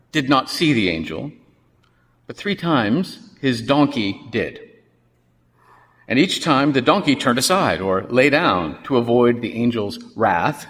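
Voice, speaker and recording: A man preaching a sermon in a church, telling a story with wry, animated asides. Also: mid-range voice. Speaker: pastor. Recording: long reverb of a church hall.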